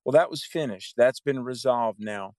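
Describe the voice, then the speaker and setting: A man's voice: medium pitch, normal speed, a little mellow, no room sound. A man co-hosting a Bible teaching radio show, explaining theology in a fervent way and often affirming with amens.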